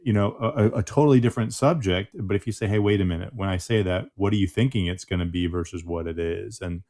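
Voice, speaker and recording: Low-voiced male podcast host, reflective. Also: quick pace, darkish tone. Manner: reflective, sums up with "right?". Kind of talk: casual conversational reflection.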